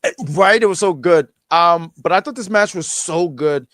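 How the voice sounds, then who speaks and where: A man's voice: high voice, normal speed, fairly bright tone, no echo, studio quality. A man hosting a podcast in casual chat, talking with enthusiasm and many stumbling restarts. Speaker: podcast host.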